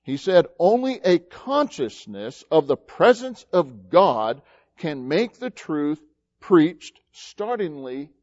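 A man's voice: medium pitch, darkish tone, dull audio. A man preaching as a pastor, moving from reading to a chatty personal story told with fillers and restarts.

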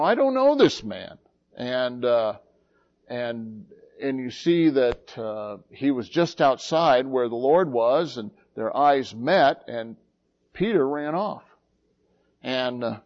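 A man preaching a sermon in a deliberate way, dropping to a hush and then rising with emphasis. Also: medium pitch, muffled recording. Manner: slow, deliberate preaching that swings from hushed to emphatic. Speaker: pastor.

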